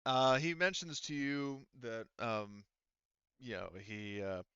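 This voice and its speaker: A man's voice: medium pitch, animated, slow pace, a bit bright, clean tone, no room sound, lo-fi sound. A man narrating a tabletop game as game master, rambling, with many fillers and restarts.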